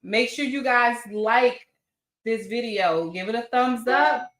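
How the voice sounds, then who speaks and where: A woman's voice: fairly high pitch, slow, fairly bright tone, roomy sound. A woman hosting a casual livestream, greeting viewers by name and chatting loosely, sometimes swearing. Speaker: livestream host. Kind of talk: casual live chat.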